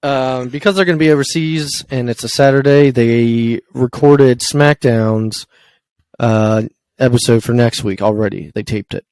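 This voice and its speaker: A man's voice: medium pitch, fairly even intonation, unhurried, a little mellow, clean tone, no room sound, poor audio. Rambling man on a dry podcast mic. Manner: rambling with frequent ums and uhs. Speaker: podcast co-host. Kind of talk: casual wrestling news chat.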